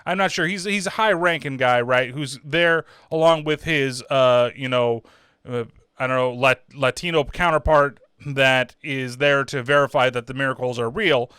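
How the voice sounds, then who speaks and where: A man hosting a horror podcast, giving a casual film review, animated, laughing often and swearing casually. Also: medium pitch, normal speed, clean tone, dry recording, studio quality.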